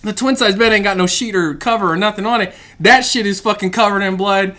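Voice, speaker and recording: Man, casual podcast storyteller, profane and animated, sharp bright tone. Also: sits high, fairly quick. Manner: profane, animated storytelling with loud acted-out quotes. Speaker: podcast guest telling stories.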